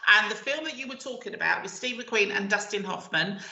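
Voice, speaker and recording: A woman co-hosting a local radio show, chatting casually and reading a book synopsis slowly and dramatically. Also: medium pitch, animated, creaky, pushed and bright, roomy sound, poor audio. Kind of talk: casual chat.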